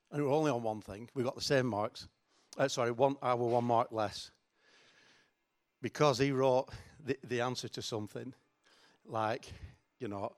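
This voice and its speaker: A middle-aged man preaching a sermon in a chatty, joking, self-mocking way. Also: mid-range voice. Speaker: pastor.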